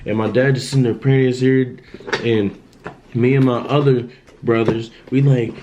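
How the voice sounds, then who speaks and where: A man's voice: medium pitch, steady tone, moderate pace, muffled recording, background noise. A young man telling a personal story on his vlog in a loose, casual monologue that circles back on itself. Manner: loose, repetitive, keeps asking "you know what I'm saying".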